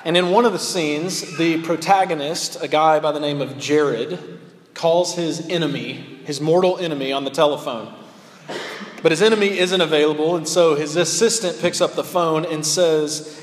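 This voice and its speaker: A pastor preaching a sermon in a candid, conversational way, building points by repetition. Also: male voice, on the high side, fairly even intonation, moderate pace. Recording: long reverb of a large hall.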